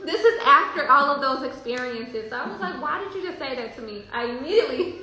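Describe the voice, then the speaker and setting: A woman telling a travel story in a casual, animated way, laughing often and talking about spiritual signs. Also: high voice, fast talker, crowd noise. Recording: very echoey room with faint hiss.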